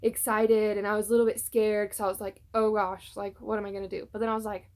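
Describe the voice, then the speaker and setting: A young woman tells a personal story to her phone camera at home, rambling with lots of fillers. Her voice has a noticeable gravelly fry, and at times she turns tearful. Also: mid-range voice, level tone, fast talker, darkish tone. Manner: chatty storytelling with many fillers. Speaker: vlogger. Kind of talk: casual personal vlog. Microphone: phone on a tripod.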